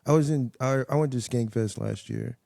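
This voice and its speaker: A man's voice: mid-range voice, normal speed, gravelly, warm tone, no room sound, studio quality. A man, a comedian guest on a podcast, chatting casually and telling stories in a loose, profane, rambling way.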